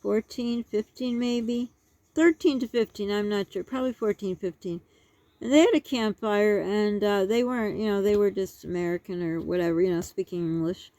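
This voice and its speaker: A woman's voice: mid-range voice, moderate pace, mellow, no echo. A woman in her sixties telling a childhood story in a rambling vlog, with many asides and restarts. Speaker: vlogger.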